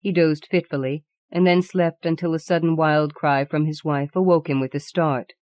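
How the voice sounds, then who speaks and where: Female audiobook narrator, low, measured, dry close recording. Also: steady tone, darkish tone, no room sound. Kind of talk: scripted narration of a horror tale.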